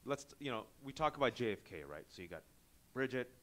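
Animated man interviewing an author. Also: medium pitch. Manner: animated, joking asides, quick digressions. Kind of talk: conversational book interview. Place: bookstore event space.

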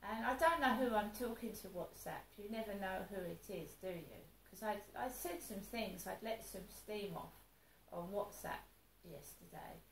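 A woman with a gravelly, creaky voice rambles through a personal story. She sounds upset and vents as she goes, often restarting her sentences. The room echoes around her, with a faint ambient hum behind. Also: medium pitch, moderate pace, hardly any pauses. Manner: upset, venting, meandering with restarts. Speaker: vlogger.

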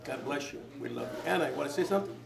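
A visiting preacher speaking after a service, thankful and full of praise. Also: male voice, medium pitch, very fast, creaky. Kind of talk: post-service address. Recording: echoey room, far from the mic, loud crowd.

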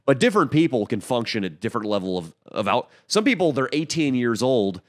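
A man's voice: medium pitch, sing-song, brisk. A man co-hosting a casual podcast, with a mid-range voice. He tells crude stories loosely and laughs along as he goes. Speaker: podcast co-host.

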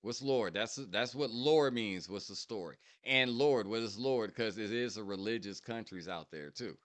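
A man hosting a reaction channel, repeating lines and breaking down their meaning in casual, animated commentary. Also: lowish voice, moderate pace. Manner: repeats lyric lines and explains them, animated.

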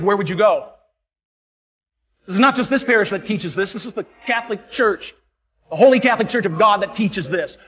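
A man's voice: high-pitched, a bit bright, lo-fi sound, a little hiss or hum. A man, a parish priest delivering an impassioned homily, indignant and full of rhetorical questions. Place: large church. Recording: long church reverb, faint music.

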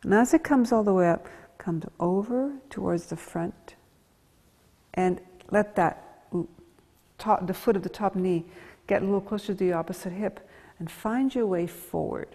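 A woman guides a gentle yoga class with slow, calm cues, soft hums and near-whispered breath prompts. Her voice is dark and mellow with a breathy, husky edge. A long reverb trails behind her words. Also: medium pitch. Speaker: yoga teacher.

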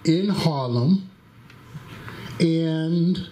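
A man with a fairly high voice speaks very slowly and deliberately as he introduces a lecture. He tells stories and acts out the quotes. His voice rings through an echoey hall, with faint noise in the background. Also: dark tone. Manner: deliberate, drawn-out delivery with acted-out quotes. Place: mosque hall.

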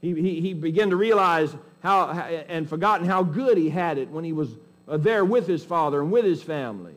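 A man preaching from the pulpit in a folksy, emphatic style. His voice sits a little high for a man, and he often breaks off and restarts his sentences as he presses his point. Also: expressive, normal speed. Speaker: pastor. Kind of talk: sermon.

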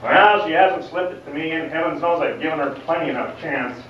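A man's voice: a little high, a little fast, slight background noise, close to an everyday voice. A man playing a wisecracking, lecherous middle-aged hotel guest on stage, full of mock-gallant quips. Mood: scheming. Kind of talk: amateur stage play. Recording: echoey hall, distant mic, dull sound.

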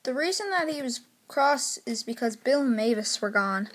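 A young narrator improvising a toy-train story, halting now and then and sighing between lines. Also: medium pitch, lively intonation, a bit bright.

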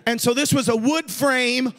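A man, an evangelist, preaching a sermon with storytelling that builds to shouted emphasis. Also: extremely high pitch, fairly even intonation, moderate pace. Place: church sanctuary. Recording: long church reverb.

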